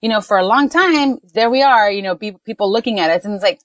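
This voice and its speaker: A woman's voice: mid-range voice, quick pace, no echo. A woman on a mom podcast, telling a family story in casual chat and slipping into Spanish phrases. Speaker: podcast co-host, mother.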